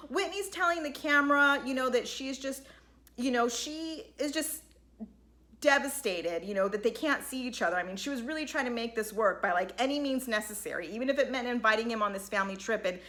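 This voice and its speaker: Woman, high pitch, chatty vlog recapper; loose filler-heavy delivery, acts out the quotes. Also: a little fast, sharp tone. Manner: chatty, lots of "like" and "you know", acts out quotes. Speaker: recap vlogger. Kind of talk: casual recap commentary.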